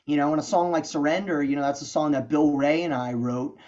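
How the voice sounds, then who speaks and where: A middle-aged guest songwriter tells stories in a casual interview, chatty and animated, filling his speech with "you know" and "man." His voice is fairly high and a little fast, and the recording has a dull, lo-fi sound.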